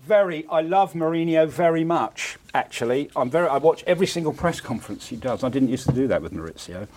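A man's voice: fairly high pitch, fast. A man with an Essex accent, a comedian guest on a comedy panel show, chatting animatedly and slipping into voices. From England. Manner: animated, breaks into voices and laughs.

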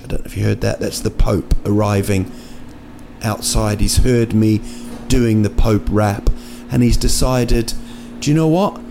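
A man's voice: on the low side, little pitch movement, a little slow, vocal fry, noisy background. A man, hosting a podcast as a comic monologue, rambling and jokey with lots of restarts and fillers. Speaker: podcast host and comedian. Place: indoors at night in a city.

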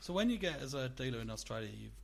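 A male co-host chats casually on a podcast. He talks quickly at a mid-range pitch and asks curious follow-up questions. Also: big pitch swings, vocal fry, a little hiss or hum. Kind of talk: casual chat.

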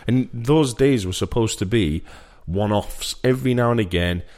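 A man with a Sheffield accent co-hosting a casual fan podcast, playful and quick to laugh. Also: on the low side, a little mellow. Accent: Sheffield English. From England. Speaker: podcast co-host. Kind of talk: casual banter.

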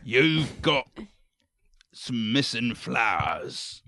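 A man voicing an officious, halting police officer. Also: mid-range voice, big pitch swings, gravelly, pushed and bright, no echo, clean studio sound, full character voice. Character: plodding British police officer.

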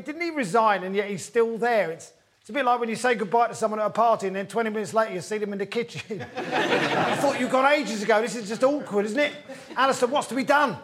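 A man's voice: sits high, fairly bright tone. A man hosting a comedy football quiz before a live audience, jokey and laughing between lines. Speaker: host of a comedy football panel.

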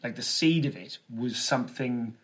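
A man's voice: medium pitch, expressive, normal speed, fairly bright tone. Man asking a thoughtful question. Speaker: interviewer. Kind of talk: interview questions.

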